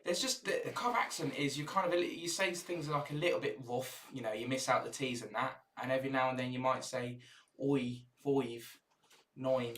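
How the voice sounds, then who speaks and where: Relaxed man in a roomy room, off mic. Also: medium pitch, brisk, hardly any pauses, distant mic. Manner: relaxed, rambling, loose phrasing. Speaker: co-host. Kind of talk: casual live-stream chat. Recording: roomy sound, set back from the mic, faint noise.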